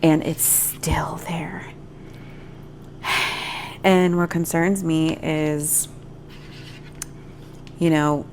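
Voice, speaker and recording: A woman's voice: low-pitched, slight background noise. A woman vlogging candidly to camera, venting her frustration frankly while nursing a migraine. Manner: frank, venting, self-reflective. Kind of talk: candid talking-to-camera vlog.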